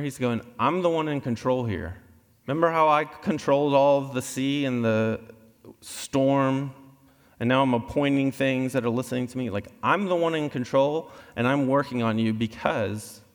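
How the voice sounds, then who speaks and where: A man preaching a sermon, explaining scripture in a conversational, animated way. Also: mid-range voice. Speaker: pastor. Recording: long reverb of a large hall.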